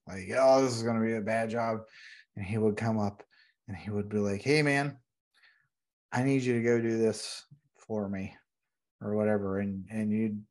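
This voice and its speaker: A man telling an animated story as a podcast guest. He is a retired Navy veteran who laughs and acts out the people he quotes. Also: lowish voice. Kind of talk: casual storytelling.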